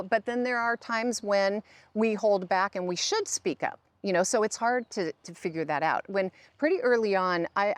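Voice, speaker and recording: A woman's voice: lowish voice, dry recording. A middle-aged woman, a psychic medium, chatting in an interview and telling stories in which she acts out the voices of other people. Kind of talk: conversational interview.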